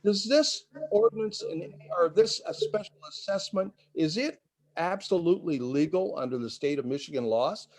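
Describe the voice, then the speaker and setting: An older man giving an indignant, emotional public comment over a video call, halting and repeating himself. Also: high voice, big pitch swings.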